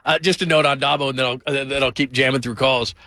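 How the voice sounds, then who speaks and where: A man hosting a call-in sports radio show, talking in an animated, rambling way and mimicking people in put-on voices. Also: medium pitch, quick pace, dry recording.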